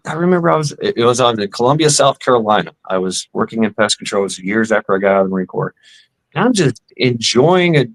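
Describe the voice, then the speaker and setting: Man, middle-aged, casual storytelling, rambling, profane, average pitch. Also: low-quality recording. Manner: rambling, profane, acts out other people's lines.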